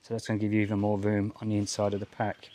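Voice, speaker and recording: A man's voice: fairly low pitch, completely flat delivery, very fast, darkish tone, a little hiss or hum. Easygoing man showing outdoor gear. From Australia. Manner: easygoing, explains step by step with small restarts. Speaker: outdoor gear channel host. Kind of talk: casual gear demonstration vlog.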